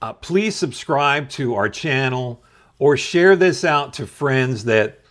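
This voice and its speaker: A man's voice: medium pitch, animated, fairly bright tone. A middle-aged man casually telling a funny school story to his viewers, laughing at himself along the way. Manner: slow, laughing, self-deprecating. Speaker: channel host telling a story.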